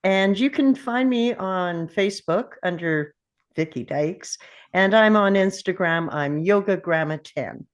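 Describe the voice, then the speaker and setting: An older woman from central Alberta introducing herself on a call, calm and measured. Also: medium pitch. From central Alberta, Canada. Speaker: table read participant. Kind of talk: casual self-introduction.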